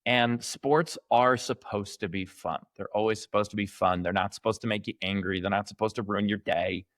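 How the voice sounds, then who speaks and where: Low-voiced man in emphatic podcast chat. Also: fairly even intonation, moderate pace, no room sound, clean studio sound. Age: late 30s to early 40s. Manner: emphatic, voices mock cheers loudly. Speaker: podcast co-host. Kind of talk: casual opinion chat.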